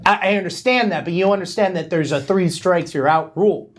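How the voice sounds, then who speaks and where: A man playing a caring male parole officer who is patient but firm, talking in a calm, reasoning way. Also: high voice, fairly quick.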